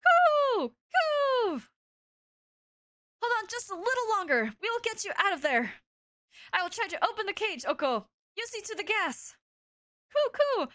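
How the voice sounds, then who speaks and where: Brief: female streamer doing a squawking game pigeon, very high, bright. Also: sing-song, unhurried, long pauses, no room sound, studio quality, heavily acted. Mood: excited. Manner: squawks coos, refers to himself in third person. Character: hyper excitable male pigeon, shrill cooing.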